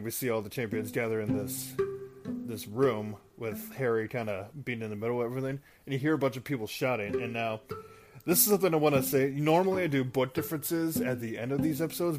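A man casually retelling a movie plot as a show host, rambling with fillers and restarts. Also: medium pitch. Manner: rambling, many fillers and restarts, laughs at own stumbles. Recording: guitar music in background.

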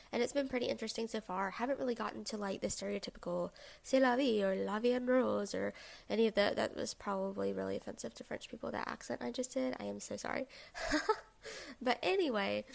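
A woman's voice: medium pitch, vocal fry. A woman, hosting her own podcast in a chatty, self-deprecating monologue full of fillers and asides. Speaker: podcast host. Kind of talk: casual solo podcast monologue.

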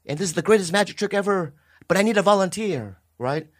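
A man voicing a grand old stage magician announcing his final trick in a booming showman manner. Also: animated, fast. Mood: grandiose.

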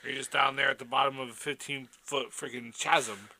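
A man co-hosting a podcast, animated and giggly, talking loosely and saying "like" a lot. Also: medium pitch, brisk, no echo. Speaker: podcast co-host. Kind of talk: casual chat.

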